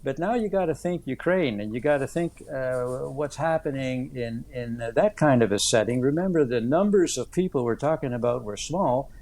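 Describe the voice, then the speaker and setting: A man in his seventies, an author answering interview questions in an earnest, thoughtful way, with many "uh" pauses as he tells stories. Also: mid-range voice, lively intonation, a little mellow. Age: 70s.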